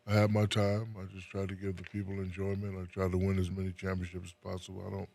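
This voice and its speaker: A retired basketball player from New Jersey, a man who speaks casually as an interview guest, laid-back and soft-spoken, often trailing off with fillers. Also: sits low, monotone, fast, vocal fry.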